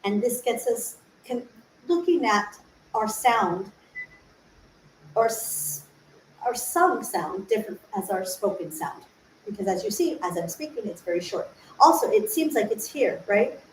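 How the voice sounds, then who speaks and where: Patient explanations, rhetorical questions and sung syllable demos fill this informal voice lesson, livestreamed solo from a room by a woman teacher. Her medium-pitched voice is animated and measured in pace. The audio has room echo, faint ambience and slight hiss or hum.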